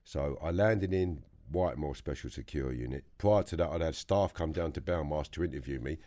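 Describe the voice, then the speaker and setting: A man with a London accent telling his story as a podcast guest, blunt and animated, swearing freely. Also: extremely low pitch, brisk. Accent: London English. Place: podcast studio.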